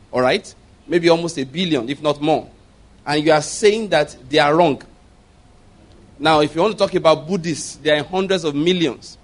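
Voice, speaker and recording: A male pastor delivers a sermon with a fairly high speaking voice. He talks to the congregation in a relaxed, conversational way, then builds to emphatic, pointed questions.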